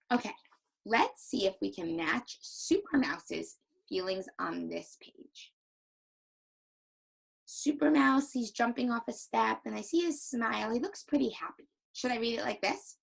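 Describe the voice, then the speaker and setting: A young woman teacher giving a recorded reading lesson to young children, with exaggerated, animated demonstrations. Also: fairly high pitch, slow, vocal fry, pauses often, breathy edge, poor audio.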